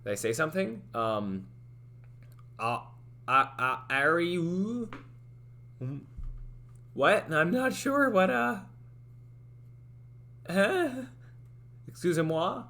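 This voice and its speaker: A man's voice: high-pitched, expressive, very slow, vocal fry, pauses often, bright, forceful tone. A young man chatting casually on a livestream, rambling and hesitant with many restarts and fillers, wearing headphones at a desk mic. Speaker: streamer.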